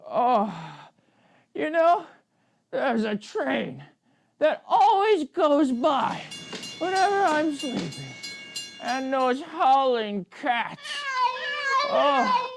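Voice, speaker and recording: A woman's voice: high-pitched, gravelly, noisy background, voice pushed up, full character voice. A woman voicing a sleepy, rambling old man contestant who mumbles and gets confused. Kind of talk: comic puppet-show acting.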